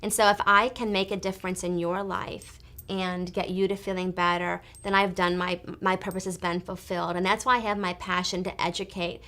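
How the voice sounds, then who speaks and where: A woman's voice: on the low side, flat delivery, a little fast, sharp tone. Upbeat chatty woman in her fifties. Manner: enthusiastic, chatty storyteller. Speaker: hormone therapy clinic owner and educator. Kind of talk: direct-to-camera talk.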